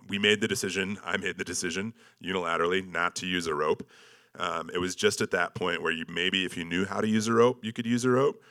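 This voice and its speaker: A man with a deep voice and a bright, forceful edge tells an expedition story over slides. His delivery is loose and humorous, and he pokes fun at himself. Frequent ums and likes fill his speech. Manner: joking, self-deprecating, with many ums and likes. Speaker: speaker presenting an expedition slideshow. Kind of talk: casual storytelling talk with slides.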